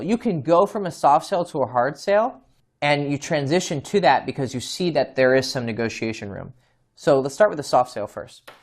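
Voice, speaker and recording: A young man giving casual dating advice, acting out both sides of conversations. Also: mid-range voice. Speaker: dating coach. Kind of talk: casual instructional talk.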